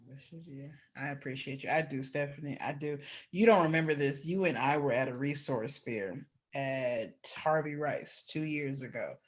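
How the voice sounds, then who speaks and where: Woman guest, very low husky voice, soft-spoken, emotional. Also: moderate pace, hardly any pauses. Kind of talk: casual chat.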